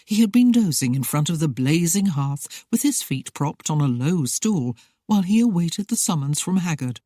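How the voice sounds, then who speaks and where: An audiobook narrator reading a historical romance in a steady, even way. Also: medium pitch, normal speed, no echo, clean studio sound.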